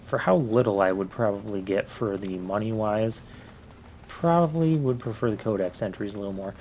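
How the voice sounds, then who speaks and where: A man narrating his gameplay in a chatty, joking, rambling way, thinking out loud. The recording is slightly muffled, with a faint hiss behind it. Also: lowish voice, normal speed. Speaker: let's play host.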